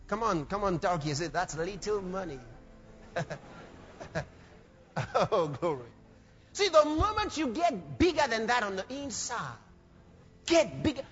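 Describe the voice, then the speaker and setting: High-pitched guy preaching hard, shouts out lines, dull lo-fi sound with a long hall echo. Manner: impassioned, shouts out lines and acts out voices. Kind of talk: sermon. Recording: lo-fi recording with long hall reverb.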